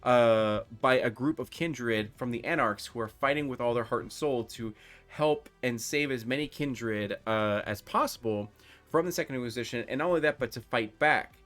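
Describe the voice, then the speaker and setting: A man's voice: medium pitch, normal speed, soft background music. A man hosting and narrating a live-streamed tabletop role-playing game as game master, talking loosely with many fillers. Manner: relaxed, filler-heavy talk.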